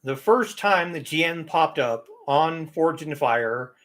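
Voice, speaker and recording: Man, stream host; slow, emphatic rant delivery, slightly raised pitch. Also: lively intonation, a bit bright. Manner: slow, opinionated, emphatic about pronunciation. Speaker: livestream host. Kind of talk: casual livestream rant.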